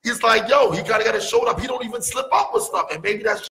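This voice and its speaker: A man's voice: very high-pitched, quick pace, pushed and bright, husky, big-room sound, rough recording. A man in casual sports talk, arguing his point with emphatic rhetorical questions.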